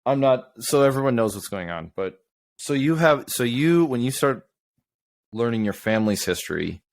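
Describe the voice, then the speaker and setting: A man's voice: medium pitch, animated, moderate pace. A man hosting a podcast, asking loose, rambling questions that restart mid-sentence. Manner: rambling, self-interrupting questions. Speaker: podcast host. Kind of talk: casual conversation.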